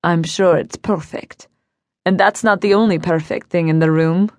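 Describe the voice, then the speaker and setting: A woman's voice: on the low side, steady tone, moderate pace, a little mellow, no echo, clean studio sound, natural voice. Woman playing a bold, teasing young warrior woman.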